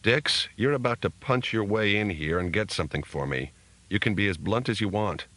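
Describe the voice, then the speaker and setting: A man's voice: on the low side, lively intonation, normal speed, a bit bright, poor audio. A man reading a terse, urgent hacker. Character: tense male hacker on a phone.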